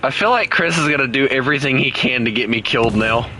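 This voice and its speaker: A man's voice: medium pitch, quick pace, sharp tone, a little hiss or hum, close to an everyday voice. A man putting on a jokey, exaggerated Australian accent as a cheeky bloke while chatting with friends during gameplay. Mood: joking. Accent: put-on Australian. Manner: jokey, teasing, sprinkles "crikey" and "mate".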